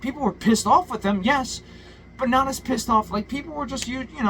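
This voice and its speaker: Angry man, high and animated, ranting with restarts, slight room noise. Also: fairly quick, low-quality recording. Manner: profane, heated, stumbling restarts. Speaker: political commentator. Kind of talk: ranting monologue.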